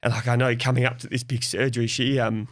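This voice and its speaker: A man's voice: mid-range voice, level tone, quick pace, no room sound, studio quality. A young Australian man speaking openly and reflectively as a guest in a podcast conversation. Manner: open, reflective, soft-spoken.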